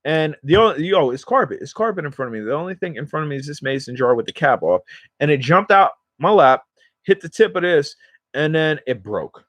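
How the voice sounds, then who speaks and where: With a New York or New Jersey accent, a smoking vlogger and livestream host addresses his viewers from a recliner at home in an expressive, fairly quick voice on the high side. He rambles, talks slangy and gets sidetracked easily, all on a dry recording.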